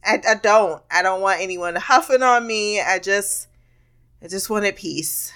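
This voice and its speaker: A woman's voice: mid-range voice, a little slow, a bit bright. Rambling woman telling a casual story. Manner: rambling and candid, laughs often, swears. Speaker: podcast host. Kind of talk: casual monologue.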